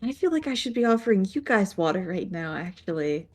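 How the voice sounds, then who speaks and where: A woman's voice: mid-range voice, sing-song, fairly quick. A woman voicing a friendly, flustered young female guard who laughs easily. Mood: sheepish. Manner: breezy, laughing often.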